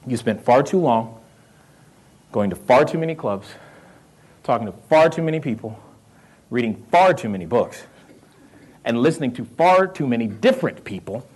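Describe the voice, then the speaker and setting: A man's voice: medium pitch, animated, moderate pace, long pauses, darkish tone, husky. A middle-aged man with a Southern American accent giving a motivational talk to a live audience, firing questions at them and laughing often. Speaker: real estate investor speaking to a live audience.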